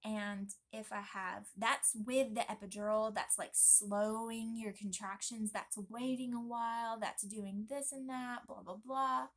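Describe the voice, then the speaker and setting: A woman's voice: a little high, a little slow, few pauses. Chatty, emphatic young woman vlogger. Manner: emphatic, chatty, animated storytelling. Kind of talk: casual pregnancy vlog talk.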